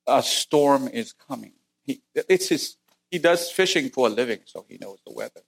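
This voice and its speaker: A middle-aged man from Vietnam preaching a sermon and telling his own story earnestly, his voice climbing high at the tense moments. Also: normal speed, gravelly. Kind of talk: sermon with personal testimony.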